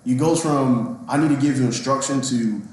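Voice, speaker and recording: A man guesting on a casual interview podcast, speaking in a relaxed, reflective way and chuckling now and then. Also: mid-range voice, normal speed. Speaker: recruiting training and evaluation NCO, guest. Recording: very echoey room with faint background hum.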